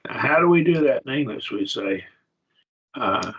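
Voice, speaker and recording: A man teaching a Bible Greek grammar class over a video call, explaining slowly and asking his students questions. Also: medium pitch, lively intonation, fairly bright tone. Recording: dull lo-fi call audio.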